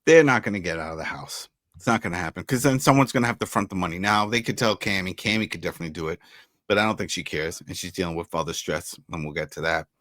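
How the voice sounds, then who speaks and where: A man co-hosting a casual TV recap, animated and acting out lines for laughs. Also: deep voice, quick pace, dry recording, clean studio sound. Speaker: podcast co-host.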